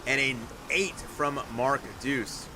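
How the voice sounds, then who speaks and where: A man hosting a live stream, calling viewers' monster truck runs and reading out scores in a chatty, upbeat way with excited outbursts. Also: medium pitch, slow pace, background noise. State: out of breath. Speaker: live stream host and announcer. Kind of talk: live-stream play-by-play commentary.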